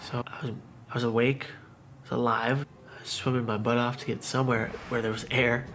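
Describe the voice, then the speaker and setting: A man giving a personal testimony about surviving a suicide attempt, telling it in a halting, emotional way with many restarts. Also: medium pitch, flat delivery, fairly bright tone, a little hiss or hum. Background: background music.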